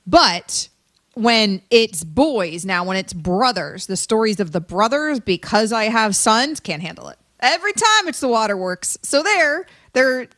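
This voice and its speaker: An animated woman in her thirties co-hosting a sports talk show, her voice a bit high and swinging widely as she talks. Her casual, emphatic chat is recorded dry and close. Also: unhurried, no room sound.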